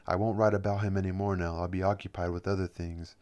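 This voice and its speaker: A grave, calm writer taking his leave forever, read by a man. The delivery is measured, low and level, hardly set apart from the narration. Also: lightly acted.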